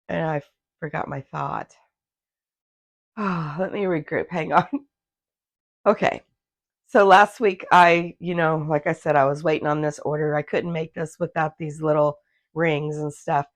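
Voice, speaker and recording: A woman with a hoarse, gravelly voice chatting casually in her sewing vlog. She rambles, loses her thread and restarts while recording on a phone in her home sewing room. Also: sits low, fairly even intonation, a little slow, no echo. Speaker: handmade business owner, vlogger.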